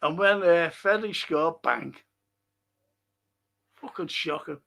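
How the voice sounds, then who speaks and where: A man's voice: on the high side, takes it slowly, creaky, pushed and bright. A middle-aged man, hosting a casual football livestream and answering viewer comments bluntly, swearing often. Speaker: football podcast host.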